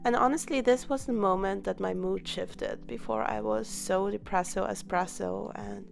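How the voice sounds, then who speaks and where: Young woman vlogger, candid and emotional, a little gravelly, faint music under her. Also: mid-range voice, lively intonation, normal speed. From Europe. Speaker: travel vlogger. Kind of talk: casual vlog voice-over.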